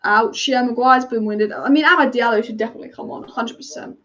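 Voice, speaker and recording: A woman's voice: on the high side, fairly bright tone, lo-fi sound. A woman hosting a live football watch-along stream, chatty and opinionated, reacting to the match and reading viewer comments. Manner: chatty, opinionated, rapid-fire. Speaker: football fan channel host.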